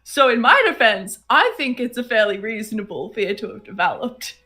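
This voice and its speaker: A woman's voice: a little high, lively intonation, moderate pace, bright, forceful tone. An Australian woman chatting casually between tabletop game sessions, laughing often as she teases her friends. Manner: laughs often, teasing banter.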